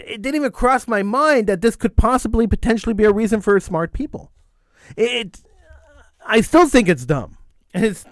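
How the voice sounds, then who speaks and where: A man's voice: high voice, dry recording. A man hosting a call-in show, telling a story in a blunt, opinionated way and repeating phrases for emphasis. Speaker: talk show host. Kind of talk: call-in radio monologue.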